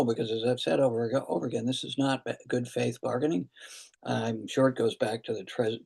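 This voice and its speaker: Gravelly, husky older man. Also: medium pitch, mellow, rough recording. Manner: earnest, halting, with many restarts and fillers. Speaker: congressman hosting a town hall. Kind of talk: answering questions at a virtual town hall. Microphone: video call.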